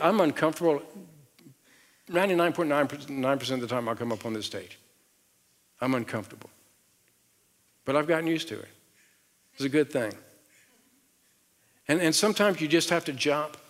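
A man's voice: fairly high pitch, fairly bright tone. A middle-aged man with a Southern US accent preaching a sermon as pastor, talking conversationally with frequent repeated words and rising emphasis. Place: large church auditorium. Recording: long hall reverb.

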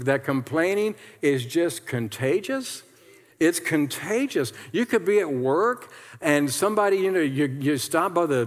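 Man preaching in a reverberant church. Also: high voice. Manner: conversational, acts out quoted complainers. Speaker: pastor. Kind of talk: sermon. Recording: long hall reverb.

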